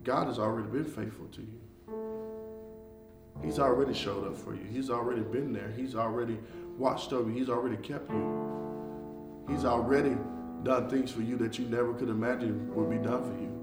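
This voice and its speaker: A man preaching an online devotional sermon, moving from quiet reflection to loud, fervent, repetitive exhortation. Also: medium pitch, steady tone, moderate pace, distant mic. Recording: echoey room, off-mic, guitar music behind. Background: soft guitar music.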